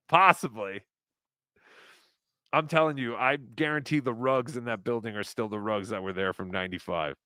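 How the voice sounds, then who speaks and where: Bright-voiced man hosting a live stream. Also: a little high, clear, resonant tone, no room sound, clean studio sound. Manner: rambling, animated, swears freely. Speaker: host. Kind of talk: casual live-stream chat, reading tips.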